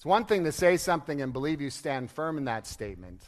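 Male pastor, high voice, animated sermon storyteller, long hall reverb. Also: fast talker. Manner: lively, laughing storyteller acting out quotes.

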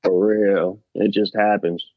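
A man's voice: on the low side, little pitch movement, slow pace, muffled recording. A man from Brooklyn, New York, guesting on a podcast and talking in an easygoing, casual way, often saying "you know". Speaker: guest musician. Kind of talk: casual interview chat.

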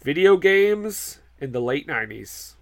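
Casting: casual podcast host, a man with a slightly high voice, jokey and rambling. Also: sing-song, a little slow. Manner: rambling, hesitant, joking. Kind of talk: casual chat.

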